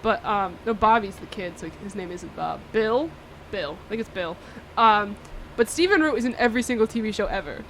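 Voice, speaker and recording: A woman's voice: mid-range voice, animated, brisk, slight background noise. A young woman hosting a casual college radio show, chatty and bubbly, laughing often.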